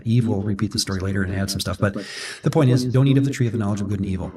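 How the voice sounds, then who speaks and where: A man from Minnesota talks through a Bible passage in a relaxed, chatty way, wandering into side stories and correcting himself as he goes. His voice sits fairly low. He sounds a little distant from the microphone. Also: very fast. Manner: rambling, chatty storyteller with self-corrections. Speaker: Bible study co-host. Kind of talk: conversational Bible discussion.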